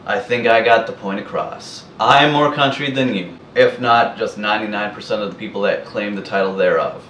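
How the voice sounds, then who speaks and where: A man's voice: mid-range voice, a bit bright. Scornful man ranting in echoey room. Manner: blunt, profane and scornful, mocking in put-on voices. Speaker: vlogger. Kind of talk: ranting monologue to camera. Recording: echoey room, distant mic, faint background noise.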